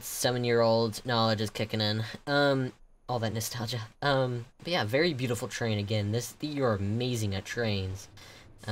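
A young man giving casual game commentary as he reviews players' builds, excitable and gasping, with lots of ums and likes. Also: fairly low pitch, slight background noise.

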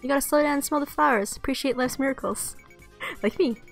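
A woman voicing a goofy, smug teenage prankster, high and sing-song as she feigns sincerity. The voice lilts above a usual woman's range, playful and teasing, with light game music in the background. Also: quick pace, gravelly. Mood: mock-sincere.

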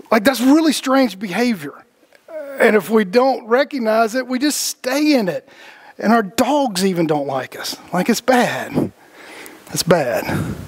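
A man leading a casual spiritual group talk, rambling with lots of fillers and the odd swear word. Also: high voice. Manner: rambling, heavy on fillers and cussing.

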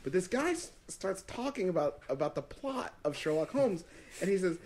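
A man guest on a podcast telling a story with animated laughter. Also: high-pitched, moderate pace, a little hiss or hum.

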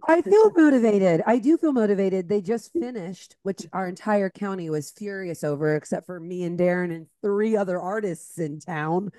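Woman co-host, casual and lively; dry, close recording. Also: on the low side, moderate pace, hardly any pauses, dry recording. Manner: lively storyteller, acts out quotes. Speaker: podcast co-host. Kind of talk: casual chat.

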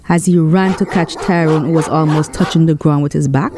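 Lively St. woman telling a story. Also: on the low side, moderate pace, noisy background. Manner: lively expressive reading. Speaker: storyteller and author. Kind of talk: storybook narration.

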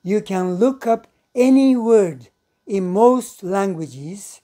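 A woman teaching a pronunciation lesson, explaining slowly and carefully. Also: medium pitch, lively intonation, mellow. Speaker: language teacher.

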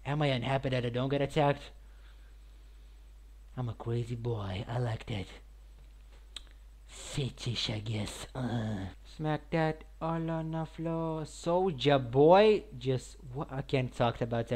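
Male gaming commentator, excitable and rambling; loud outbursts, then mumbled asides. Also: mid-range voice. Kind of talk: casual gameplay commentary.

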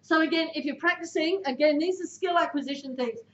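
Brief: woman, high voice, blunt punchy coach talk, dull lo-fi room sound. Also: a little fast, fairly bright tone, reverberant, slight background noise. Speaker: speaker addressing a football team. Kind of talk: motivational talk. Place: indoor room with a team.

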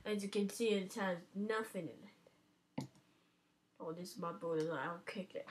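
A woman's voice: medium pitch, measured pace. A woman rambling playfully and giggling as she narrates her own silly antics to a webcam at home. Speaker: webcam vlogger. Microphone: webcam microphone. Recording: webcam audio with loud background noise.

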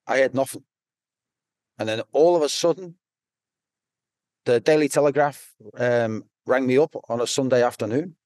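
A man's voice: mid-range voice, moderate pace, pauses often, a little mellow, no room sound. Liverpool guy on a podcast, swears every other word, rambly blunt storytelling, dry close sound. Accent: Liverpool (Scouse). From Liverpool, England. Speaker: podcast guest. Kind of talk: casual storytelling.

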